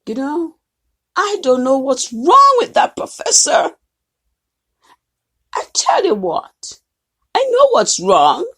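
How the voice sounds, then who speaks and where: A woman's voice: deep voice, a little mellow, slightly rough, pitched below the performer's own voice, heavily acted. A woman voicing a college student who complains and blames everyone else for a failed test. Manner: indignant, blaming, whiny.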